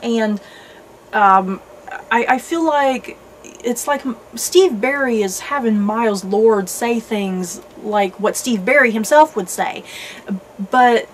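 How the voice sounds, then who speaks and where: Chatty woman reviewing a book, higher voice. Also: takes it slowly, slight background noise, low-quality recording. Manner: chatty, many "you know"s and restarts; thoughtful, hedging. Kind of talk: casual book review chat.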